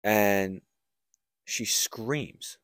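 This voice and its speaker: A man's voice: on the low side, very slow, a bit bright, no echo, clean studio sound. A young man co-hosting a podcast, casually recapping a book plot with lots of likes and restarts. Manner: rambling storyteller, many likes and restarts. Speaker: podcast co-host.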